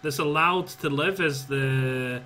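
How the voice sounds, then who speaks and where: Man, host gamer, easygoing, chatty, bright tone, slightly high pitch, faint hiss. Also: takes it slowly. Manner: easygoing, chatty about game lore. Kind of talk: casual co-op gaming chat.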